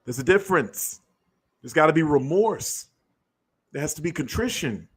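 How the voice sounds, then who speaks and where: A man's voice: on the high side, animated, moderate pace, slightly rough. A man hosting a show, delivering a blunt, profane commentary monologue. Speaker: show host.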